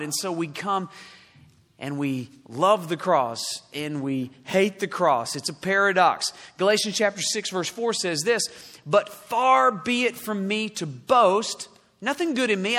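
Pastor guy preaching, high bright voice, big reverb in the sanctuary. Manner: emphatic, slows hard on key words. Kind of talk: sermon. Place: church sanctuary. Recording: long hall reverb.

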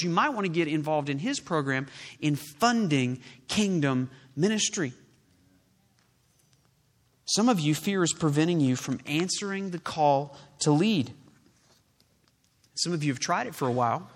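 A man preaches in a church, his voice high and bright as he jokes with the congregation and acts out what people might say. The sound carries a long reverb from a large hall. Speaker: pastor. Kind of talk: sermon. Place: church sanctuary.

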